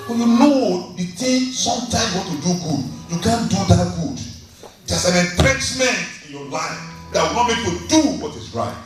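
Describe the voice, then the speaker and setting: A man preaching a fervent sermon and leading prayer, with big swings in pitch and volume. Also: big pitch swings, moderate pace, music in the background. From Nigeria. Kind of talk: sermon and altar call prayer. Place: church hall. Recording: echoey church hall, distant mic.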